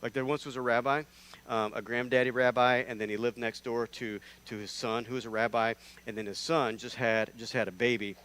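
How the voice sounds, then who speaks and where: A man's voice: mid-range voice, brisk. A man preaching a sermon in a church, telling stories in a conversational, self-deprecating way and acting out the characters in them. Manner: animated storytelling, acting out characters with big swings in loudness. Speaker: guest preacher. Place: church sanctuary.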